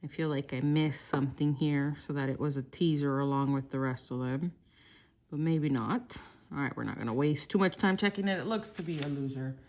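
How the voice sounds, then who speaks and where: A woman from Texas calmly murmuring through lottery scratch-off tickets, slowly listing each symbol as she checks. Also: low-pitched. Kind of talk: calm scratch-off play-by-play.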